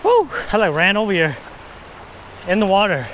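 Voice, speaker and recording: An excitable man fishing at a river, talking to his viewers and a little out of breath, recorded outdoors on an action camera. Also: sits high, moderate pace, slight background noise. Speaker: fishing vlogger. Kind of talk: casual fishing vlog.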